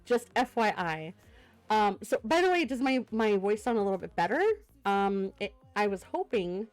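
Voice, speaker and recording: Her mid-range voice is animated and moderately paced as she chats on a live stream while hosting a guest. Using a desk microphone and sounding congested from a cough, she gushes thanks to her viewers, full of fillers.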